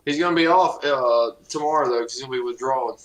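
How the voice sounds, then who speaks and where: A man's voice: medium pitch, quick pace, crowd noise, rough recording. A man joining a stream as a guest in casual chat, joking and teasing.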